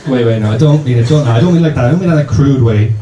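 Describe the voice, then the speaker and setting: In a small bar venue, an Irish man in his thirties rambles through a stand-up comedy set, constantly interrupting himself. His medium-pitched voice comes very fast over a faint crowd in an echoey room, and the recording is rough.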